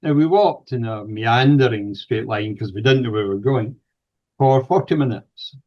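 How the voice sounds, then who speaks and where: A man's voice: medium pitch, normal speed. An older man from Scotland with a Scottish accent, a guest recounting a personal anecdote in conversation, with hesitant fillers and restarts as he goes. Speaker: guest, paranormal researcher. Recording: dull lo-fi audio.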